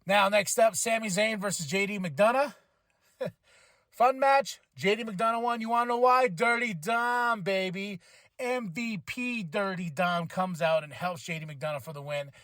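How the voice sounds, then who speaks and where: A man's voice: high voice, measured pace, fairly bright tone, no room sound, clean studio sound. A tired man hosting a podcast, giving a casual, rambling recap and laughing often as he paraphrases what people said. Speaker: podcast host.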